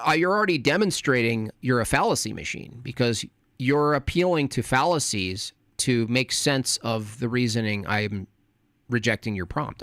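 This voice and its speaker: A man's voice: medium pitch, a bit bright, no echo, studio quality. Sarcastic male streamer mocking his chat. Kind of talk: casual live-stream chat.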